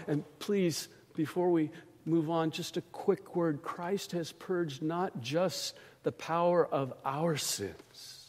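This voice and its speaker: Slow, emphatic male preacher in a reverberant church. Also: a little high, a little mellow. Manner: slow, emphatic preaching with dramatic swells and drops in volume. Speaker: pastor. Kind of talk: sermon.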